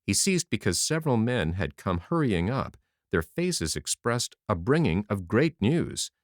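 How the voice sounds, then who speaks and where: A man narrating a classic novel as an audiobook in a dramatic, expressive reading. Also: fairly low pitch, a little slow, no echo, clean studio sound.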